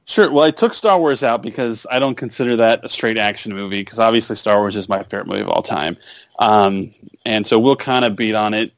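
A man's voice: fairly low pitch, a little fast, no room sound. A man in casual chat, making joking, sarcastic asides.

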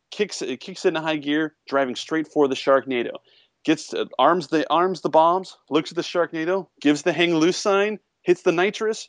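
A young man co-hosting a casual podcast, retelling a movie plot with lively, acted-out quotes. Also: on the high side, dry recording. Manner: animated storytelling, acts out quotes in a raised voice. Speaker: podcast co-host.

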